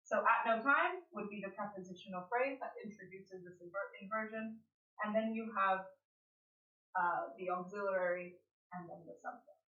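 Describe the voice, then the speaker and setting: A woman teaching an online English class, explaining grammar step by step and checking in with her students. Her voice sits at an ordinary pitch and has a slightly dull, lo-fi quality. It sounds like it was picked up by a computer mic in a roomy space. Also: normal speed, sharp tone. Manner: explains patiently, often checking with "okay?". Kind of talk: live online grammar lesson.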